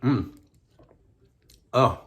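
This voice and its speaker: Chatty man eating on camera. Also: drawn-out words. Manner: eats and chews while talking; mixes Spanish phrases into English. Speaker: vlogger. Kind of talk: casual mukbang vlog.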